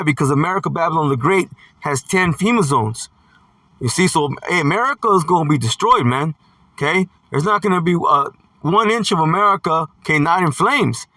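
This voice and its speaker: A man's voice: fairly high pitch, sharp tone, dry recording, far from the mic. A man preaching a scripture sermon, reading verses aloud and stressing points with "see" and "man". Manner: emphatic, punctuates with "see" and "man".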